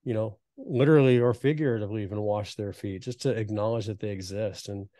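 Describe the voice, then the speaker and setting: A man in his fifties hosting a podcast, telling reflective, earnest stories in a relaxed conversational way. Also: fairly low pitch, fast, no echo. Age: 50s. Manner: reflective, earnest storytelling with frequent restarts. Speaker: podcast host.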